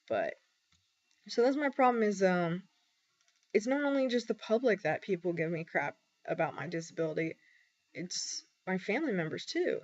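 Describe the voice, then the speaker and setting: A young woman talking candidly in a personal vlog, halting often with ums and pauses. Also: on the low side. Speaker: vlogger. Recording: dull lo-fi recording.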